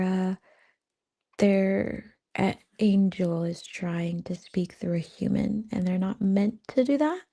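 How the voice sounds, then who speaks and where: A woman's voice: medium pitch, vocal fry, mellow. A woman hosting a spiritual talk, telling stories in a rambling, giggly way with many fillers. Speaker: spiritual channel host. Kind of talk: casual storytelling to viewers.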